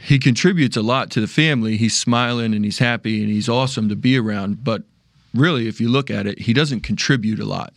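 A man's voice: medium pitch, brisk, gravelly, no echo, studio quality. A young man talking casually and earnestly about faith, often restarting his sentences. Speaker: discussion panelist.

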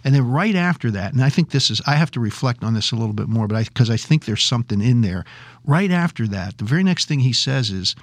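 A man's voice: mid-range voice, expressive, fast, no room sound. A man thinking aloud in a casual faith discussion, hesitant and correcting himself. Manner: thoughtful, hesitant, self-correcting. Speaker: discussion panelist.

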